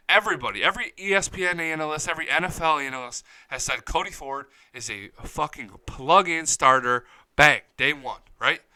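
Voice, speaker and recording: A man's voice: fairly high pitch, bright, forceful tone, no room sound, rough recording. A man hosting a live-streamed sports talk show, hyped and profane, jumping from topic to topic. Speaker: sports podcast host. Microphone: studio mic, close and dry.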